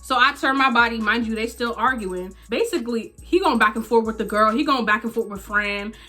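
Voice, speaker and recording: Animated young woman telling a story. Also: a little high, fairly quick, faint music behind. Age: young adult. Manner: animated, acts out the people in her story. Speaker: vlogger. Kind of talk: casual storytelling.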